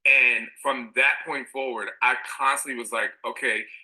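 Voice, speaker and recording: A man who is a fitness trainer and host, talking in a candid, animated and sometimes emotional way. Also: mid-range voice, measured pace, low-quality recording. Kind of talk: casual podcast chat.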